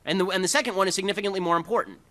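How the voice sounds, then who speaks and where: Combative, bright-voiced man. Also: high-pitched. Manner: combative and rapid-fire, sarcastic asides. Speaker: public speaker. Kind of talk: political speech with audience Q&A.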